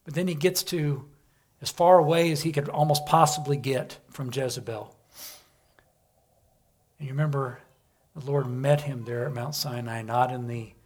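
A man preaching a sermon in an emphatic style, often asking his listeners questions. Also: medium pitch.

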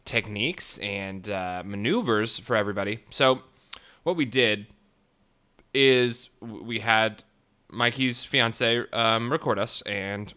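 Slow and fairly low-pitched, this podcast host's voice is pushed and bright yet clear and resonant. Alone on his show, he rambles through a casual monologue packed with fillers and crude jokes, speaking through a swollen split lip.

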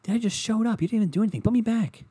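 Man doing a bossy newborn son, squeaky and scolding. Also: very fast, dark tone, husky, dry recording. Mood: exasperated. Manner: exasperated, scolding. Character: his own newborn baby son, bossy and unimpressed.

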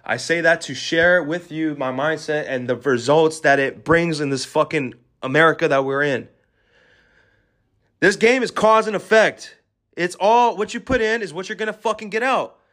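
A man's voice: a little high, a bit bright. A man hosting a podcast, giving an aggressive, swear-filled motivational rant at the listener. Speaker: podcast host.

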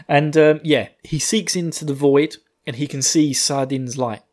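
A man's voice: on the high side, fairly even intonation, normal speed, few pauses, a little mellow. A man recapping a fantasy novel chapter in a rambling, casual way, often laughing and swearing. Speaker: book reviewer.

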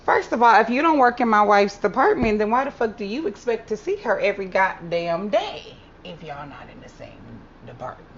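A woman's voice: mid-range voice, big pitch swings, a little fast, few pauses. A woman podcast co-host in casual chat, teasing, chatty and profane. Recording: dull lo-fi audio with faint hiss.

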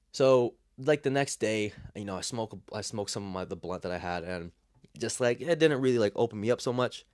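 A man's voice: fairly low pitch, lively intonation, a little fast, no echo. A young man telling an emotional personal story in a casual, reflective way, full of fillers and restarts, with tears close to the surface. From Los Angeles area, US. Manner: reflective, emotional, many fillers and restarts, often drops to a soft near-whisper. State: emotional, tearing up.

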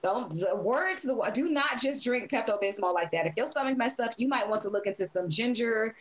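A woman's voice: on the high side, brisk, rough recording. A woman co-hosting a casual movie review podcast, telling stories with lots of laughter and swearing. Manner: animated, laughing, profane storytelling. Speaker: podcast co-host.

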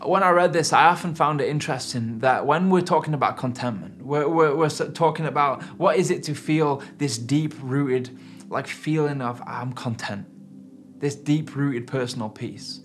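A man's voice: fairly high pitch, normal speed. A man preaching a sermon in an earnest, emphatic way. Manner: earnest, emphatic preaching with rising and falling intensity. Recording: faint music underneath.

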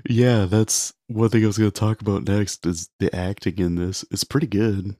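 A man's voice: lowish voice, fairly even intonation, moderate pace, warm tone, no echo, clean studio sound. A man co-hosting a podcast, casually retelling movie scenes in a rambling way with lots of filler words. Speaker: podcast co-host.

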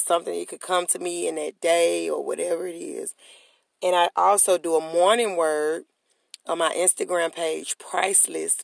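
A motivational podcast host with a gravelly, creaky voice, recorded dry and close with no room sound. The host preaches in repeated, call-and-response phrases. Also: medium pitch, no echo. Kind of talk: motivational talk.

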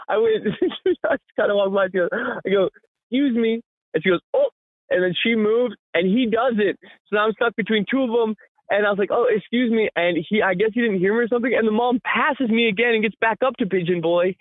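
A man co-hosting a podcast, telling a story in a casual, animated way, laughing often and swearing freely. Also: sits high, moderate pace, dry recording. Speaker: podcast co-host. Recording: tinny phone-like sound, dry.

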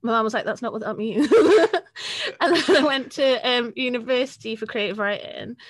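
A young woman, chatting casually as an interview guest, sweary and quick to laugh. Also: a little high, no echo, studio quality. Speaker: podcast guest, freelance journalist.

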